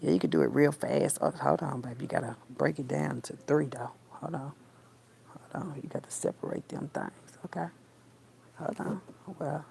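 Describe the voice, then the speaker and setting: A woman's voice: sits low, vocal fry, warm tone, a little hiss or hum. A woman vlogger talking casually to her viewers while braiding her hair, blunt and rambling, calling them baby and child and trailing off into mutters.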